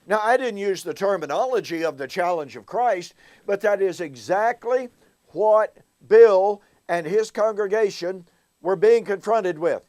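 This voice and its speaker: Earnest, high-voiced male Bible teacher. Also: expressive, darkish tone, no echo. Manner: earnest storyteller, addresses listeners as folks; emphatic, slows down to stress key words. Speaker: Bible teacher and show host. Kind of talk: recorded Bible teaching talk.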